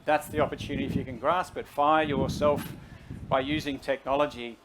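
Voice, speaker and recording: Persuasive man, mid-level pitch. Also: a little fast, noisy background. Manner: energetic, persuasive, talks to the audience directly. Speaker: guest CEO. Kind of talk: conversational stage interview.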